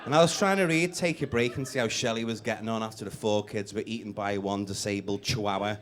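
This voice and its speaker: A man's voice: fairly low pitch, quick pace. A man in his late thirties with a Scouse accent, doing crude, teasing stand-up and crowd work on a comedy club stage. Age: late 30s. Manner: brash, crude, teasing the audience. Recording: live gig with loud crowd laughter. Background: audience laughing.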